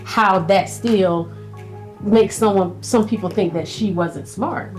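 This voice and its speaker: A woman's voice: medium pitch, slow pace, darkish tone, faint music behind. A woman co-hosting a podcast, reflecting thoughtfully and thinking aloud. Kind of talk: casual conversation.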